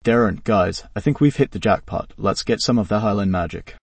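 A man voicing an easygoing young male musician in a flat, even read that says the speaker's name before each line. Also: fairly low pitch, fairly quick, creaky, slightly rough, dry recording, recorded from a distance.

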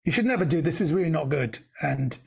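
Middle-aged guy telling a funny story, raspy and kinda high, does all the voices. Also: quick pace. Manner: animated storyteller, acts out voices. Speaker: comedian guest. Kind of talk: storytelling anecdote.

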